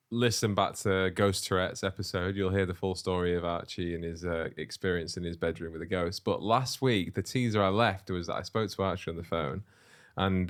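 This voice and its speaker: Podcast co-host, male, low voice, casual, salty storyteller. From England. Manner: swears freely, acts out quotes with big pitch jumps. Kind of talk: casual chat.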